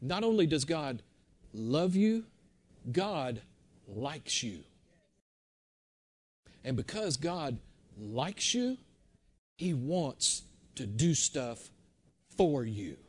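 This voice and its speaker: High-voiced conversational male preacher. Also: big pitch swings, very slow, long pauses. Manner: conversational, repeats words, swings between loud and hushed. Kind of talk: sermon.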